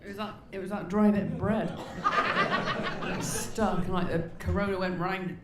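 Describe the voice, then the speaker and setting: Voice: mid-range voice, sing-song, unhurried. A comedy competition MC chatting with the audience on a club stage and hyping up the crowd. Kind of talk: live MC banter. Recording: echoey club with loud crowd and noise.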